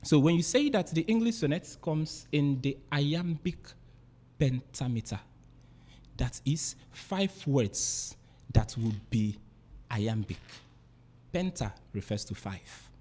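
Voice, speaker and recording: A man's voice: a little high, slow. Guy teaching a poetry lesson, voice jumps up and down a lot, keeps rephrasing stuff. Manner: lively, repeats and rephrases points. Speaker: literature teacher. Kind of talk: explanatory lecture.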